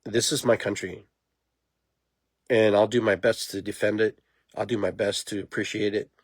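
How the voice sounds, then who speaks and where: A man hosting a podcast in a casual monologue, talking in an animated, rambling way and laughing at himself. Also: on the low side, normal speed, slightly rough, no echo. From immigrant to the United States. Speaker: podcast host.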